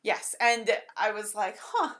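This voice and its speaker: A woman's voice: mid-range voice, moderate pace, fairly bright tone. A woman co-hosting a podcast in casual chat, talking and laughing often. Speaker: podcast co-host.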